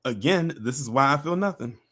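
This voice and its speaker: A man's voice: medium pitch, animated, a little fast, sharp tone. A man hosting a livestream, reacting with sarcastic, teasing commentary. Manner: teasing, sarcastic, laughing asides. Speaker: livestream host.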